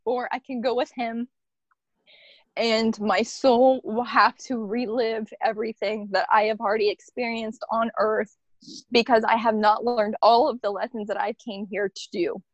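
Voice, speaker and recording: Speaking at a normal speed with a fairly high, flat delivery, this woman earnestly rambles through something that happened to her, saying "like" over and over. The audio is dry, dull and low-fidelity.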